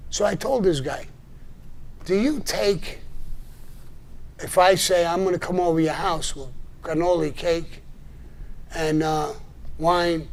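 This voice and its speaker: An older man hosting a live show, answering a viewer's message in a blunt, profane, combative monologue. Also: high voice. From New York. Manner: profane, combative and indignant, with short gruff laughs.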